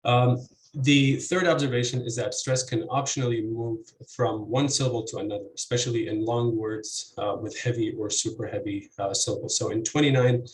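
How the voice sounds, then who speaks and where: A man giving an academic conference presentation, halting and full of fillers and restarts. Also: medium pitch, steady tone, roomy sound, a little hiss or hum, poor audio. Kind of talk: academic presentation over video call.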